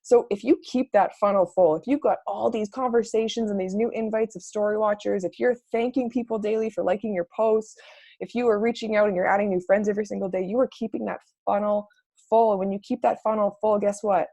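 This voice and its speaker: Young woman coach talking casual, lots of "like", bubbly, mid pitch, dry sound. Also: fairly even intonation, brisk, no room sound. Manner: chatty, upbeat, acts out sample messages in a brighter voice; peppered with "like" and mild swearing. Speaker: network marketing coach. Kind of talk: casual live training talk.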